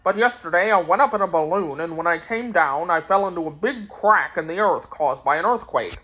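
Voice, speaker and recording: A woman's voice: fairly low pitch, expressive, fairly quick, fairly bright tone, husky. Woman putting on jaunty boastful little wizard, old circus humbug, breezy chatter, storybook.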